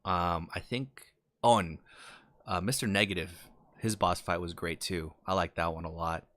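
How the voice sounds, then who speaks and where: A man co-hosting a casual podcast chat, telling stories with lively acted-out quotes. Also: moderate pace, dry recording. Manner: animated storytelling, acts out quotes with big jumps in pitch. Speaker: podcast co-host.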